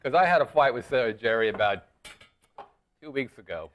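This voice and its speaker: A man's voice: mid-range voice, lively intonation, brisk, background noise. A man, the show's producer sitting in as guest, teasing the host and rambling through stories in a casual late-night chat. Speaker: show producer and stand-in guest. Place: studio.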